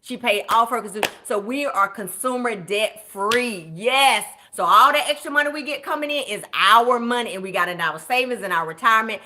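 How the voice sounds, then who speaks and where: A woman, a budget coach chatting casually with viewers in an animated way, shouting out greetings to them. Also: fairly high pitch, a little fast, few pauses. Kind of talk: casual live-stream chat.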